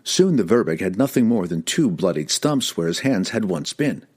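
A man's voice: low-pitched, lively intonation, moderate pace, darkish tone, slightly rough. A man reading a fantasy novel aloud as an audiobook narrator, telling the action with dramatic expression.

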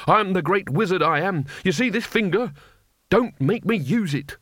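A man's voice: a little high, animated, normal speed, a bit bright, dry recording. A man reading an audiobook, voicing a cowardly, bumbling male wizard who bluffs nervously. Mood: bluffing. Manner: nervous, bluffing, rising to a yelp. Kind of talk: audiobook character voice.

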